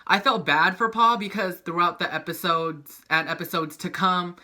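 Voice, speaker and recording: Bright high-voiced man ranting about soaps. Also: normal speed. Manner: animated, profane, acts out characters' lines in quotes. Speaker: soap opera vlogger. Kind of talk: casual recap vlog.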